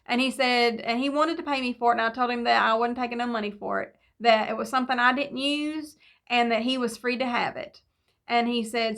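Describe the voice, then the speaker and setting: A middle-aged woman, telling a personal testimony in a devotional, rambling and pausing with fillers. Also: a little high, fairly even intonation, fairly bright tone. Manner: rambling storytelling with fillers and restarts. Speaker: devotional speaker.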